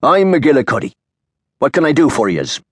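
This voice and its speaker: A swaggering Irish barroom boss from an audiobook, voiced by a man, brash and showing off. His voice sits higher and louder than the narration. The recording is close and dry. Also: sing-song, moderate pace, breathy edge, no room sound. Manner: brash, showboating. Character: Irish saloon keeper, short, swaggering. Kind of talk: audiobook character voice.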